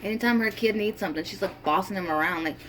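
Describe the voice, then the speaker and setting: A woman's voice: medium pitch, quick pace, background noise. A young woman vlogging casually about parenting and the weather, rambling with lots of fillers and restarts. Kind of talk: casual commentary vlog.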